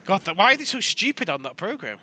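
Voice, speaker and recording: A British man co-hosting a podcast, ranting and swearing in casual banter, quick to laugh. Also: high-pitched, big pitch swings, sharp tone, slightly rough. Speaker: podcast co-host.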